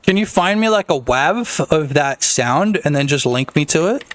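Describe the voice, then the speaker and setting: A man streaming while he develops a game, chatting casually and excitably, swearing and rambling. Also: on the high side, moderate pace. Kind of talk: casual livestream chat.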